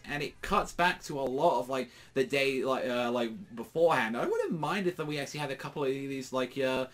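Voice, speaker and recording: A man's voice: mid-range voice, a little fast, few pauses. Rambling man recapping an anime episode. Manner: rambling, heavy filler words, excitable. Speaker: anime reviewer.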